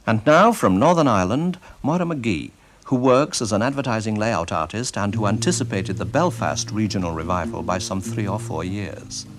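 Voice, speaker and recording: A man presenting a radio programme in measured, critical scripted narration. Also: fairly low pitch, animated.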